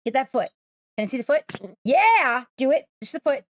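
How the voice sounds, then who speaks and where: A woman's voice: fairly high pitch, lively intonation, brisk. A woman hosting a live stream, coaxing and praising her pet in playful sing-song talk. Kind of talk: live-streamed casual chat.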